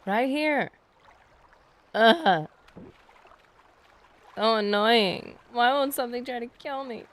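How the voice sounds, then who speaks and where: A woman's voice: fairly high pitch, slow. A woman streaming a game live, chatting playfully with her viewers as she plays. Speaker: gaming streamer. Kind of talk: casual live gameplay commentary.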